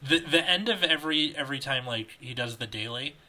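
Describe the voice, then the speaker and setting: Podcast host, bright, crisp tone, jokey and rambling on a video call. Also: male voice, mid-range voice, a little fast. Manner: joking, rambling, laughs often. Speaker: podcast host reading fanfiction. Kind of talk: reading aloud and casual chat.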